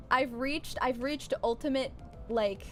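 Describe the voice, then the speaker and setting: A woman streamer chatting playfully and reading game dialogue aloud, with giggly joking asides. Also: high voice.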